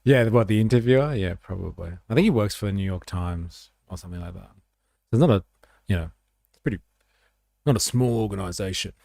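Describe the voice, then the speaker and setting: A man's voice: lowish voice, fairly quick, gravelly, dark tone, dry recording, clean studio sound. An Australian man hosting a livestream, reacting to a clip with sarcastic jokes and reading out chat comments. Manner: joking, sarcastic, reads chat aloud. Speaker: livestream host.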